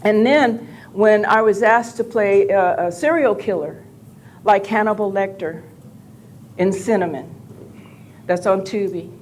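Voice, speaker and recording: An older woman on a live convention panel, telling animated, joking stories with some profanity. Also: medium pitch, measured pace, pauses often, slight background noise. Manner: animated, jokey, profane anecdotes.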